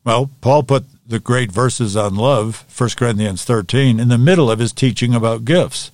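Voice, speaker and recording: A man leads a Bible study lesson at a steady, measured pace, reading questions and giving the answers one by one. His voice sits in a middle range. The sound is dry and close, with no room echo. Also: mid-range voice.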